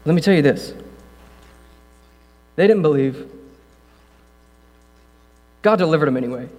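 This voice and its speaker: A male pastor giving a casual sermon, talking conversationally with jokey asides and building to loud, passionate preaching. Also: a little high, animated, measured pace. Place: church room. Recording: long hall reverb, mains hum.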